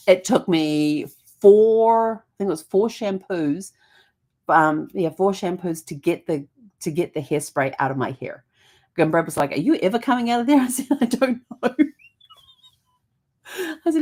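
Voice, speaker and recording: A woman's voice: fairly low pitch, a little mellow. A middle-aged woman, casually telling a personal story for her vlog, chatty and rambling, laughing often and acting out the voices of people she quotes. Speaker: host.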